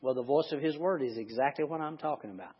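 A man preaching a sermon in his church, in a husky, middle-pitched voice. He talks conversationally, rising to loud emphasis and dropping to a hushed tone. The recording sounds dull and lo-fi. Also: quick pace. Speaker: pastor. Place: church sanctuary.

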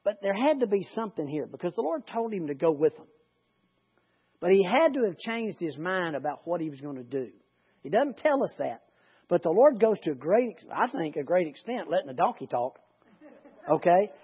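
Husky, high-voiced man teaching Bible study. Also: very animated, moderate pace. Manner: chatty, rambling, self-interrupting. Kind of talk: reading scripture with joking asides. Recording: lo-fi recording.

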